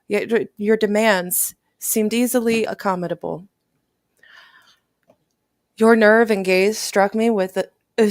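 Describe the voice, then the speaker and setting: A woman's voice: mid-range voice, dry recording, clean studio sound. A woman hosting a livestream, reading a text aloud with stumbles and restarts. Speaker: livestream host.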